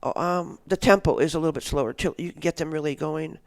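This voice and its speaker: A woman's voice: sits low, fast, dry recording. An older woman, a guest in a podcast interview, telling stories in a rambling, enthusiastic way. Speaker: guest, action sports show organizer. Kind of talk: casual interview chat.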